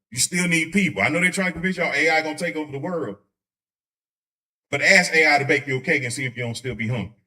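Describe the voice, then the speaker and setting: Male pastor, bright voice, fairly high, joking casual Bible study. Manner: joking, animated, acts out quick voices. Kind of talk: conversational sermon. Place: church sanctuary.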